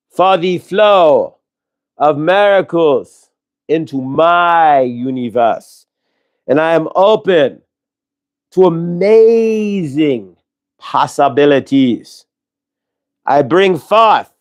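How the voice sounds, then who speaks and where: A man channeling a solemn male spirit, an ascended master who speaks in a raised, lifted register. Each affirmation is drawn out slowly, word by word, in a measured channeled message. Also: on the high side, voice pushed up.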